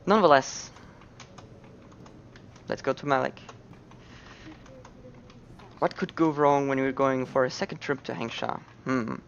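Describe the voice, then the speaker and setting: A man's voice: mid-range voice, unhurried, vocal fry, pauses often, dull audio, slight background noise. A man giving casual, joking commentary on a speedrun into a headset. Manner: relaxed, joking asides.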